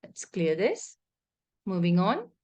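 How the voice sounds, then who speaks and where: A woman with a Malaysian English accent teaches an online English lesson in a lowish voice, speaking slowly. She explains things patiently and checks in with her students often. When she reads example passages aloud, her intonation is expressive.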